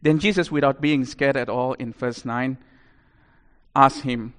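A man preaching a sermon, telling a story animatedly with big swings in loudness. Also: medium pitch, fairly even intonation, moderate pace, big-room sound.

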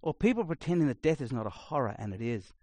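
A middle-aged man preaching a sermon, blunt and conversational, swinging between loud emphasis and quiet asides. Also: medium pitch, very animated, fast, no echo. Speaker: pastor.

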